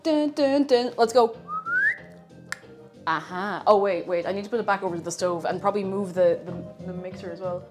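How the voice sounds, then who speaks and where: A woman's voice: lowish voice, steady tone, fairly quick, music in the background. A woman chatting casually and playfully with her viewers while cooking in her home kitchen on a livestream. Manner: playful rambling banter with chat. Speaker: streamer. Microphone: streaming mic.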